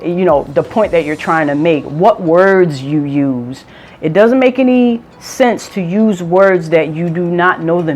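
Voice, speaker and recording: Low-voiced woman giving emphatic advice. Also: a little mellow. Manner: emphatic, repeats points for stress. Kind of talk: casual advice talk.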